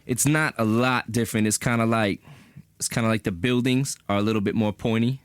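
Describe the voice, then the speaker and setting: A man's voice: medium pitch, steady tone, fairly quick, clean tone, no echo. A young American man answering a radio interviewer's questions in a laid-back way, with short plain answers and dry humour. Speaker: guest. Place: radio studio.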